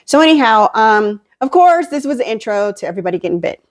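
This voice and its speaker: A woman's voice: fairly high pitch, big pitch swings, quick pace. Woman host of a home cooking vlog, casual film recap, loose and rambly, backtracks a lot. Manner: rambling, filler-heavy, backtracks and self-corrects. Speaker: cooking vlogger.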